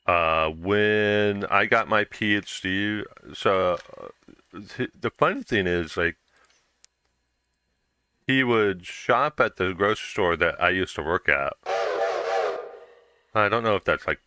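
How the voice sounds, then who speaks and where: A man's voice: deep voice, slow, long pauses, sharp tone, clear, resonant tone, dry recording. A young man chatting casually while streaming a game, rambling through a story with lots of fillers and restarts.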